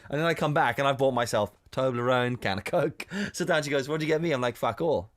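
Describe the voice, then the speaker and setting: A man's voice: medium pitch, fairly quick, fairly bright tone. A young man co-hosting a casual podcast chat, joking and teasing, often acting out other people's voices. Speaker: podcast co-host. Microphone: studio condenser mic.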